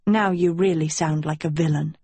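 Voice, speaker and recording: A woman's voice: deep voice, steady tone, normal speed, mellow, breathy edge, no room sound. A woman voicing an angry teenage prince in an audiobook, curt and scornful. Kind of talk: audiobook character voice.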